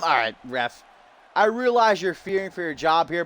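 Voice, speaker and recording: A man giving lively play-by-play commentary on a video game wrestling match, getting loud at big moments. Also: fairly high pitch, moderate pace. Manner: excitable, shouts at big moments.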